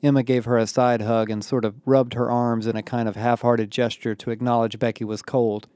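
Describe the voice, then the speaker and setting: A man reading an audiobook aloud with a wry, deadpan delivery, voicing the characters as he goes. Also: fairly low pitch, fairly quick, hardly any pauses, clean tone, no echo. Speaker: audiobook narrator. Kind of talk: scripted narration with character voices.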